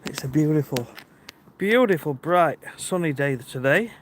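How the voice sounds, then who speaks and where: Walking outdoors in the countryside, a British livestreamer chats casually into a handheld phone and greets his viewers by name. He speaks in an expressive, unhurried voice on the high side, with slight background noise.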